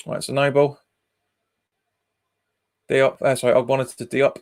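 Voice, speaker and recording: A man's voice: mid-range voice, completely flat delivery, unhurried. A man, hosting a football watch-along stream, chatting casually, laughing often and reading out viewer comments. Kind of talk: casual live commentary and chat.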